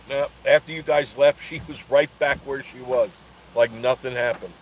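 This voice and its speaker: A man's voice: medium pitch, fairly even intonation, fairly quick. An older man, hosting a live stream and chatting casually as he reads out viewer comments, rambling and laughing often. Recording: faint background noise.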